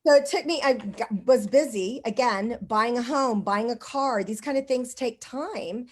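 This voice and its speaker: Higher-voiced female host, rambling anecdotal delivery, casual online talk. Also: unhurried. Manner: rambling storyteller, lots of "like" and "you know". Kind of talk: casual conversation.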